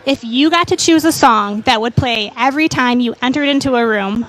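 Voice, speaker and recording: A woman's voice: on the high side, brisk, a bit bright, rough recording. A woman co-hosting a church pre-show, telling corny jokes and asking a guest questions in a playful, giggly way. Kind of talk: casual chat, telling jokes and interviewing.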